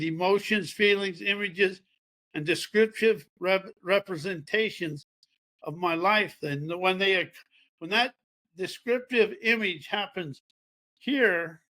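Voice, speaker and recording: Man, high-pitched, folksy and preachy self-help speaker, rambling delivery. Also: bright, forceful tone. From American Midwest farming region. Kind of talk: motivational talk.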